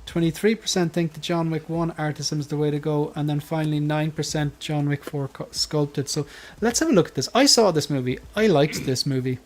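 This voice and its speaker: A man hosts a relaxed livestream panel, his voice sitting a little higher than most men's. He rambles freely, cuts himself off mid-thought and keeps laughing along with his guests. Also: a little fast, few pauses. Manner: rambling, restarts and trails off, laughs often. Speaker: livestream host. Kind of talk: casual panel chat.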